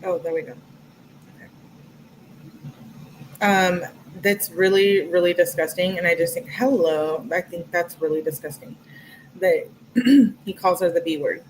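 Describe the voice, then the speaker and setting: In a casual livestream read-through, a young woman reads out text messages and chats through commentary asides. Her lowish voice is unhurried with long pauses, and the rough recording has slight background noise.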